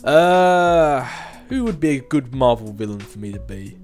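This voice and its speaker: Answering viewer questions for his gaming video, this man in his twenties talks in an animated, slightly mellow mid-range voice at a measured pace. Faint music plays as he rambles casually, frequently self-mocking and chuckling.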